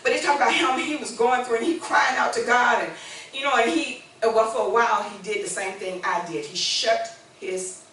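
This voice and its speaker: A woman's voice: fairly high pitch, a little fast, fairly bright tone, slight background noise. A woman in her sixties preaching a sermon with call-and-response, moving between conversational talk and emphatic declarations. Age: 60s. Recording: echoey church room, mic far off.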